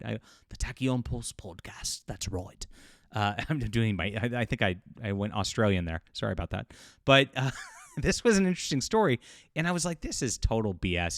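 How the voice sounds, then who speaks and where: A man's voice: on the low side, a bit bright, no room sound, clean studio sound. A man hosting a casual commentary channel, rambling with lots of fillers and restarts. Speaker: YouTube host and sci-fi writer.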